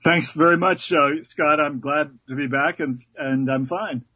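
Male author guest, thoughtful, halting delivery, mid-range voice. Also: fairly high pitch, steady tone, pushed and bright. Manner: measured, hesitant, fills with uh. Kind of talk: interview answers.

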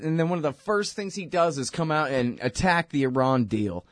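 A man's voice: fairly high pitch, expressive, moderate pace, hardly any pauses, no echo, studio quality. A man hosting a political talk show, rambling sarcastically through the news with lots of fillers. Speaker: radio show host. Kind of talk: casual political talk monologue.

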